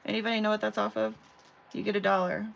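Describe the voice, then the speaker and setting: A woman's voice: medium pitch, level tone, fast, creaky. A woman hosting a casual live craft tutorial from home, chatting and rambling with lots of "you know" and "like". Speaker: craft channel host. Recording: slightly dull audio with faint background hum.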